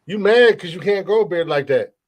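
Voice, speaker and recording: A man's voice: high-pitched, expressive, a little fast. A man hosting a comedy podcast, ribbing and egging on a rowdy guest. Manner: teasing, hyping up the guest. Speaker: podcast host.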